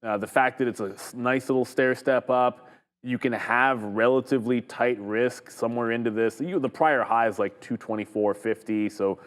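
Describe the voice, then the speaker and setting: A man's voice: mid-range voice, normal speed, long reverb tail. A Canadian man co-hosting a live trading show, chatting loosely and reading viewer comments aloud.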